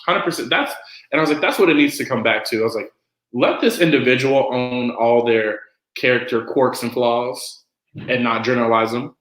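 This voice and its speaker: A man's voice: mid-range voice, normal speed, a bit bright, echoey room, poor audio. A man guesting on a podcast in casual chat, an easygoing storyteller who acts out quotes.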